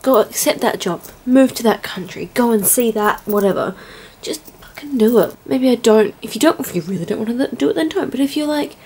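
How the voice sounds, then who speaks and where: A woman's voice: a little high, animated, fairly quick, hardly any pauses, a little mellow, slightly rough. A young adult woman working as an au pair, talking in a rambling, chatty and heartfelt way in a casual vlog from indoors at home. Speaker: au pair vlogger.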